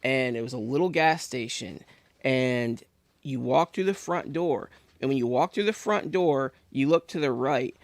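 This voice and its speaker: Podcast guest, male, from Pennsylvania, gravelly, chatty storyteller, dry sound. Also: medium pitch, a little slow, no room sound. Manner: rambling, animated storyteller with many restarts. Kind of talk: casual storytelling.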